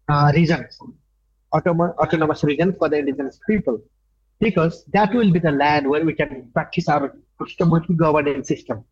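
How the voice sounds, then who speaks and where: A man from Nepal, an indigenous rights advocate answering interview questions earnestly, pausing often with fillers. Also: a little high, no echo, muffled recording. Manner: earnest, halting with many fillers.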